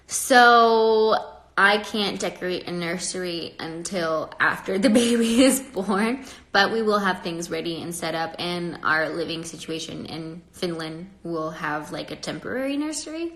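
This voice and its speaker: A pregnant young woman with a slightly stuffy nose hosts a casual livestream, her fairly low voice unhurried and reverberant. She talks to viewers in a chatty, rambling way, laughs often, and gets animated when annoyed.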